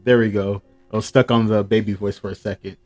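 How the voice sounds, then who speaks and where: A man's voice: on the low side, level tone, fairly quick, darkish tone, soft background music. A man hosting a casual live reaction, reading the panels aloud between his own comments. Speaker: manga reaction host.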